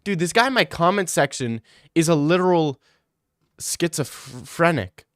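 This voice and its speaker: A man's voice: a little high, lively intonation, unhurried, a bit bright, dry recording, studio quality. Crude young man riffing on stream. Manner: crude, joking, rambling with slang. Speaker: streamer answering chat questions. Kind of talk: casual livestream Q&A.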